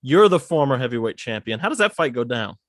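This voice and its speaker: A man's voice: mid-range voice, sing-song, fast, fairly bright tone. A man hosting an interview, asking brief questions and giving short agreeing replies. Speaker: interviewer, host.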